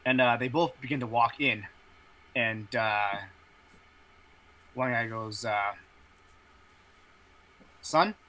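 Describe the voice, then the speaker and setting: A man's voice: mid-range voice, steady tone, slow, long pauses, sharp tone, low-quality recording. A man narrating a tabletop role-playing game as game master, rambling with many fillers.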